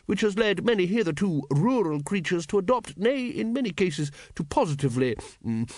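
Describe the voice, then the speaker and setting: A man's voice: on the high side, no room sound, clean studio sound, pitched above the performer's own voice. A man voicing a doddering, pompous old wizard who rambles grandly. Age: older.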